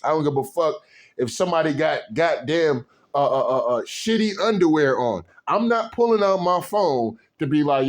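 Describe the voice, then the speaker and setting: A man ranting on camera in a profane, animated way, with constant slang fillers, indignant outbursts and low muttered asides. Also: moderate pace. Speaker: video commentator. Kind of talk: unscripted rant to camera.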